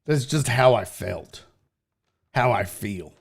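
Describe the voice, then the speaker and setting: A man's voice: mid-range voice, lively intonation, slow, vocal fry, husky. A man in his forties hosting a show, delivering a heated, profane rant and mocking others in put-on voices. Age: 40s. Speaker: show host. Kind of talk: livestream rant.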